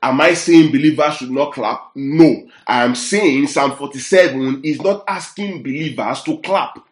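A man's voice: medium pitch, measured pace. A man preaching a Bible-teaching sermon. He speaks emphatically and keeps checking in with his listeners. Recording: roomy echoey sound.

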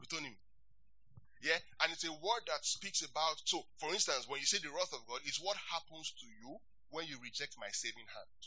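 A man preaching a sermon as pastor, animated and calling for responses from the congregation. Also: on the high side, fairly quick, few pauses, husky, no echo, lo-fi sound.

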